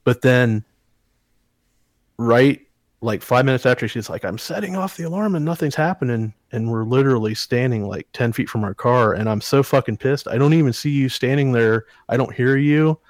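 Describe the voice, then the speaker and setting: A man's voice: medium pitch, fairly even intonation, normal speed, dry recording. A man co-hosting a podcast, telling a story in casual, profane, heated chat. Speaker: podcast co-host.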